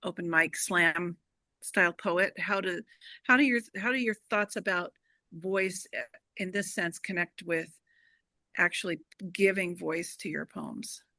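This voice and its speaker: A woman's voice: on the low side, measured pace, bright, forceful tone, no echo. A woman in an online workshop, asking a hesitant question with restarts.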